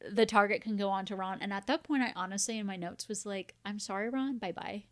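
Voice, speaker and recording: A woman co-hosting a podcast in casual chat, chatty, acting out quotes with big pitch jumps. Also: fairly even intonation, quick pace, fairly bright tone. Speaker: podcast co-host.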